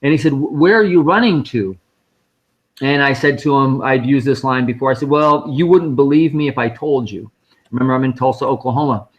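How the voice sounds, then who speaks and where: Guy telling a story on a live stream, chatty, does the quotes, middle pitch, kinda muffled audio. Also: fairly even intonation, quick pace. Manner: conversational, vivid retelling with quoted dialogue. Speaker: guest speaker at a fundraising live stream. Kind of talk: personal storytelling.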